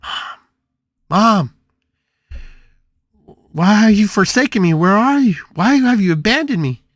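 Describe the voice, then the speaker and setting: A man voicing a bitter, bedridden young woman who whines and shouts complaints. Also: animated, takes it slowly, no room sound, exaggerated voice. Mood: pleading. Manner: shrill and whiny, shouting complaints.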